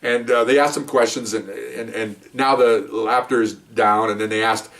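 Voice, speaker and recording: An older man, a retired police officer, telling stories in a casual, animated way, often checking in with "okay?" and restarting his sentences. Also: mid-range voice, moderate pace, recorded from a distance. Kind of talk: casual anecdotal storytelling.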